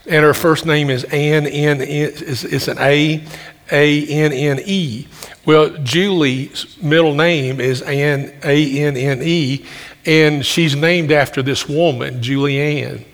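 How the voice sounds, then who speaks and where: A fairly high-voiced man preaches to his congregation, his loud, carrying voice ringing out in a large hall with a long reverb. He talks in a folksy way, often restarting his sentences. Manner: folksy storytelling with frequent restarts. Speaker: pastor. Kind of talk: sermon.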